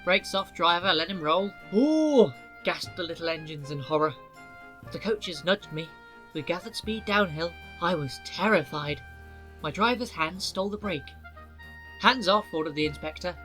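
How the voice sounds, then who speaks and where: A man's voice: fairly high pitch, normal speed, faint music behind. Culdee, a man doing a kindly mountain engine. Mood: calm. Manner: gentle, thoughtful storyteller. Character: kindly older male mountain engine, calm and wise.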